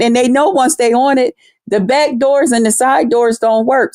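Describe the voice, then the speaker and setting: A woman vlogger talking straight to her viewers in blunt, animated, heavily profane storytelling. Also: a little high, no room sound, studio quality. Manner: blunt, animated, heavy cursing; laughs at her own jokes. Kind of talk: casual profane storytelling chat.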